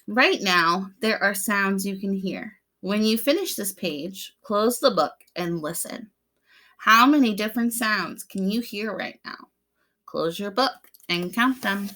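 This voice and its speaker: A young adult woman, a preschool teacher, reading a picture book aloud to young children, gently explaining the pictures, asking them questions and playfully acting out the sounds. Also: mid-range voice, a little slow.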